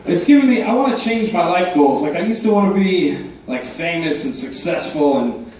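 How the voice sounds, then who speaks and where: A man works a comedy club crowd with deadpan, self-mocking jokes, tossing in quick asides as he hosts the night. His voice sits a little high and sounds distant, and the club around him echoes heavily. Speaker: stand-up comedian and host. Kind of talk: stand-up comedy set. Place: comedy club stage before a live crowd. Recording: echoey room, voice from afar.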